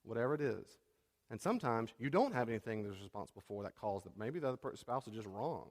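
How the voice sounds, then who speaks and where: A man's voice: mid-range voice, animated, quick pace, long reverb tail. A middle-aged man preaching a sermon as a pastor, talking conversationally and repeating key phrases.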